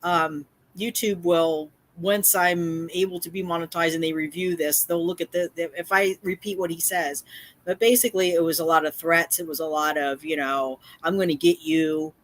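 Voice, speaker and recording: A woman's voice: fairly low pitch, fairly even intonation, moderate pace, a bit bright. A woman hosting a livestream who tells her chat about a neighbor with emphatic repetition, many fillers and restarts, sounding upset and shaken. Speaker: livestream host and community cat caretaker.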